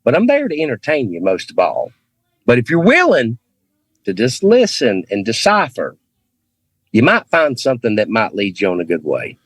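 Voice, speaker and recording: A man's voice: mid-range voice, huge pitch swings, moderate pace, breathy edge, no echo. A man with a thick Southern accent, a rock singer talking earnestly and emphatically on a video call as a guest. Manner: earnest, emphatic, repeats himself for stress. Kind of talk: casual conversation on a video call.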